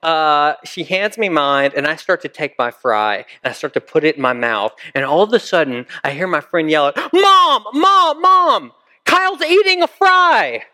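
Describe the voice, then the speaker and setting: A man's voice: a little high, expressive, normal speed, few pauses, sharp tone. A male pastor preaching a sermon in a conversational way, often putting questions to his listeners.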